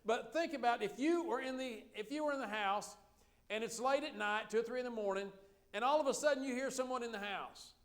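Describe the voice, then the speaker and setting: A man's voice: very high voice, a little fast. A middle-aged man preaching a sermon as pastor, folksy and joking with the congregation.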